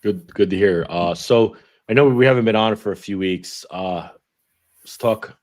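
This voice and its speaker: Teasing low-voiced podcast man. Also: normal speed, darkish tone. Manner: teasing, wry. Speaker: podcast co-host. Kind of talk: casual chat.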